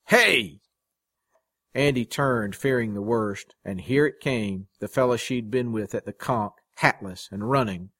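A man reading a short story aloud as its narrator, in a measured, dramatic way. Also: fairly low pitch, no room sound, studio quality. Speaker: story reader. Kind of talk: scripted narration.

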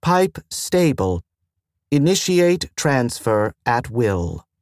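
A steady, formal woman at the helm, reporting in short matter-of-fact phrases, as a man voices her. The delivery is slow and deliberate, recorded dry and close. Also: mid-range voice, dry recording, exaggerated voice. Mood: businesslike. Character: female ship pilot, steady and formal.

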